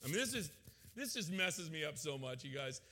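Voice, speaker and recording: Animated, joking male pastor preaching. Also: a little high, a little fast. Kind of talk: sermon. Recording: long hall reverb.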